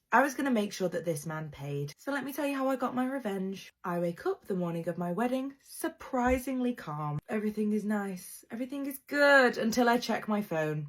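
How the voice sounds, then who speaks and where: Chatty young woman telling a story. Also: mid-range voice. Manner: dramatic, chatty, addresses viewers directly. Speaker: storytime creator. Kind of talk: storytime narration.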